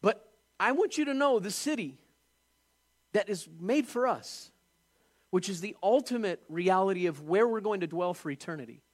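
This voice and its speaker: A man preaching a sermon, animated and emphatic, asking the congregation rhetorical questions. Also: high-pitched. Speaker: pastor.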